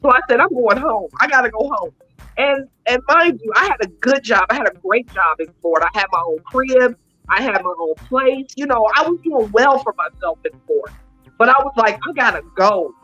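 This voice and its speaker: A woman's voice: a little high, fairly quick, slightly rough, highs cut off, soft background music. A woman in her late forties, an interview guest, telling her personal story candidly and acting out quoted dialogue. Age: 40s. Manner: animated, emphatic retelling with quoted dialogue.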